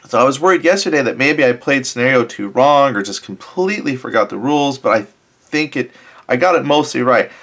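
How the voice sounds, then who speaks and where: A man's voice: medium pitch, a bit bright. A man hosting a tabletop game let's-play, chatting casually and thinking aloud, often correcting himself, with wry self-deprecating asides.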